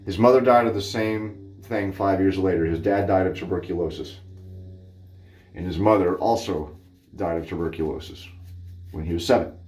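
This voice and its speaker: A man's voice: low-pitched, normal speed, darkish tone, a little hiss or hum. A man from Texas hosting a wet shaving channel, chatting casually while he shaves, rambling with friendly asides and self-corrections.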